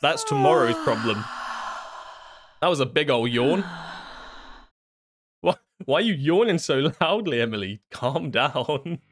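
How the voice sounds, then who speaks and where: A man with a slightly high voice narrates his way through a horror game. He riffs sarcastically on the characters, swearing and laughing as he goes. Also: lively intonation, a little slow, pauses often. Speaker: gaming YouTuber. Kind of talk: horror game let's play commentary.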